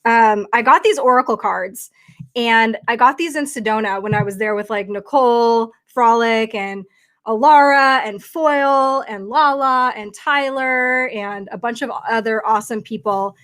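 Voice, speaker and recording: A woman's voice: on the high side, unhurried, fairly bright tone. A woman hosting a casual livestream, talking chattily and rambling with lots of fillers into her computer mic. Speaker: livestream host.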